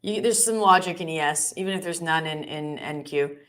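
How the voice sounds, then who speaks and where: A woman hosting a live trading stream, chatty and joking with quick asides. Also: low voice, fairly bright tone. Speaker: live-stream host trader. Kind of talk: casual live-stream chat.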